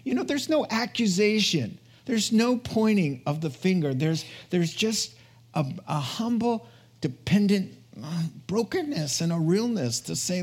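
A man's voice: sits high, lively intonation, unhurried. A man preaching a conversational sermon in an earnest, chatty way, often checking in with his listeners. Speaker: pastor.

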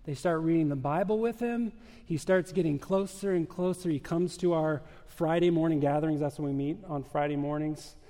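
A male pastor preaching a sermon with emphatic, measured delivery, rhetorical questions and dramatic pauses. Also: fairly high pitch, dark tone, in a large hall.

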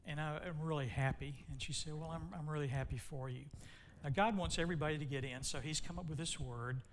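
A man's voice: fairly high pitch, steady tone, brisk, a little hiss or hum. A man preaching a sermon, telling a long joke in a folksy way and then reading scripture aloud. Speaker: pastor.

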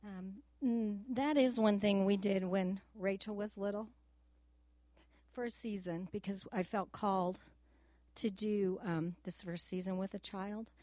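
A middle-aged woman speaks earnestly to a church congregation, telling homely family stories in a practical, down-to-earth manner. Her voice sits in an ordinary middle pitch and is recorded dry and close, with no room sound. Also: steady tone, measured pace, no room sound. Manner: earnest, personal and practical, with a gentle down-home storytelling way. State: tearful at times. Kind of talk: church testimony.

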